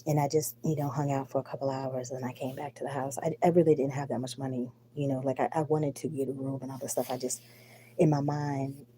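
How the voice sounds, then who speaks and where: Low-voiced woman venting bluntly while sick. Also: level tone, fast, warm tone, slight background noise. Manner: blunt, profane, rambling. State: sick with the flu. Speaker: live stream host. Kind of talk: casual live stream venting. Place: at home at night. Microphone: phone.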